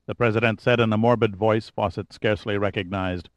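A man giving an audiobook narration in a measured, steady reading style. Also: lowish voice, dry recording, muffled recording.

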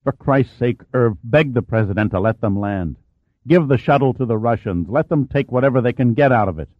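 A man's voice: mid-range voice, lively intonation, brisk, dry recording, natural voice. A man voicing a grieving male mission director who pleads in anguish, on a tinny, dry recording. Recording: tinny phone-like sound, dry.

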